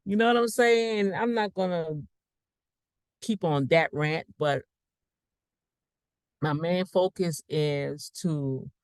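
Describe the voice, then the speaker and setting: A man's voice: a little high, takes it slowly, long pauses, smooth, no room sound. A man giving a casual, rambling online talk as a financial coach, preaching with asides while sharing his screen.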